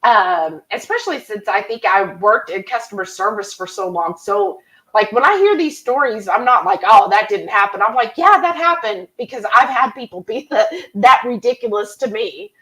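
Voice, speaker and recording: A woman's voice: fairly high pitch, big pitch swings, normal speed, a bit bright, poor audio. A woman hosting a cooking live stream, chatting casually and reading viewer comments aloud. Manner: chatty, rambling, reads chat comments aloud. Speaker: cooking channel host.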